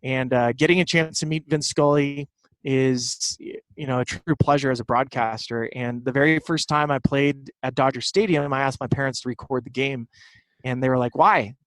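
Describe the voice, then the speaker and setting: A Southern California baseball broadcaster in his thirties tells easygoing stories as a guest in a casual interview. His voice is medium-pitched, steady and moderately paced, and though there's no echo, the audio quality is poor.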